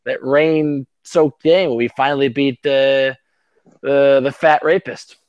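A man's voice: mid-range voice, steady tone, slow, dull audio. Man, tipsy, rambling, profane, stammering, casual sports chat. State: tipsy from drinking. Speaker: podcast co-host.

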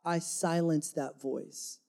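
A man's voice: fairly high pitch, fairly even intonation, slow pace, gravelly, warm tone. A man preaching a sermon to his church in a dynamic, emphatic style, acting out the lines he quotes. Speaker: pastor. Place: church before a congregation.

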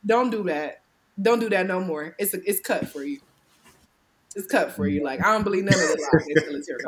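An American woman in her thirties from Cleveland, hosting a casual podcast chat as an animated, emphatic storyteller who laughs often. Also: lowish voice, moderate pace, rough recording. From Cleveland, USA. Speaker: podcast host.

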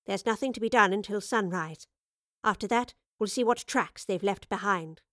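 A woman's voice: mid-range voice, moderate pace, a bit bright, no echo, clean studio sound, lightly acted. A woman voicing a stern, guarded female professor with a clipped delivery.

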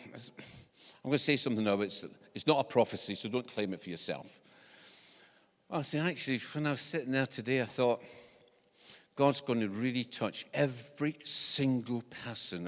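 A Scottish man preaching a sermon in a church, conversational and animated, with joking asides. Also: mid-range voice. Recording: long church-hall reverb.

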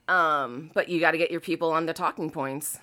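A woman's voice: sits low, fairly even intonation, a little fast, pushed and bright. A woman co-hosting a casual chat, reading quotes aloud and mocking them with sarcastic, laughing, incredulous asides. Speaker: podcast co-host.

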